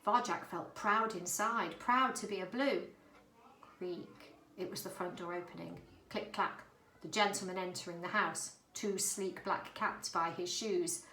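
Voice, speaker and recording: A woman narrating a children's story in an expressive, dramatic reading. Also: on the low side, measured pace, echoey room, slight background noise, poor audio.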